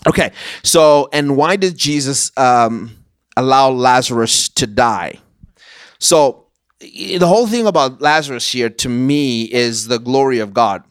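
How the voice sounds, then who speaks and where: A man's voice: mid-range voice, a little slow, clean tone, no echo, studio quality. Man teaching the Bible, repeating words. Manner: repeats words while searching for the next phrase.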